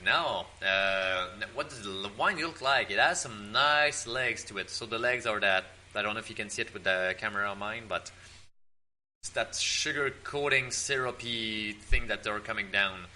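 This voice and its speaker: Bright-voiced man rambling through a wine tasting. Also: on the low side, moderate pace, slight background noise, poor audio. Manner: relaxed, rambling, many fillers. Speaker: host of a drink-tasting channel. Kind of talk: casual wine-tasting vlog. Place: apartment.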